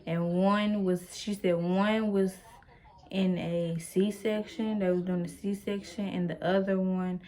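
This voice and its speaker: A woman's voice: mid-range voice, level tone, takes it slowly, dark tone. A young woman telling a personal story in a casual, rambling way, full of fillers and playful asides to the viewer. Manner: chatty, rambling, with many fillers. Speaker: vlogger.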